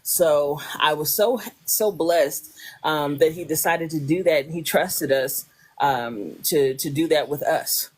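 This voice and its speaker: A woman's voice: low-pitched, slow pace. A woman hosting a poetry live stream, giving effusive introductions over a video call. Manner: warm, effusive introductions with frequent laughter. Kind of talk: hosting chat.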